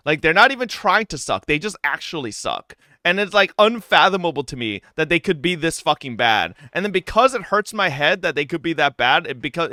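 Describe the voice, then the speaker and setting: Animated, high-voiced young man ranting. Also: smooth, dry recording, studio quality. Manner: profane, animated, frequent "right?" tags. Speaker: streamer. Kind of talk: casual ranting story to chat.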